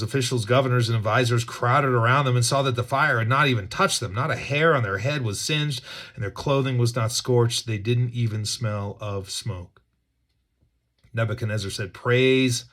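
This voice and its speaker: A man's voice: medium pitch, moderate pace, a bit bright. A man reading scripture with commentary, earnest and emphatic, often repeating words as he thinks aloud. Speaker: Bible teacher.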